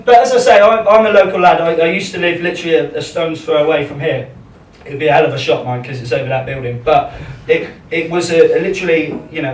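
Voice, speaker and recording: A young man doing a live stand-up set in a small pub comedy club, chatty and self-deprecating, rambling with lots of ums. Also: fairly high pitch. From England. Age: young adult. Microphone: handheld stage microphone. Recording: roomy club sound, distant mic, audience noise.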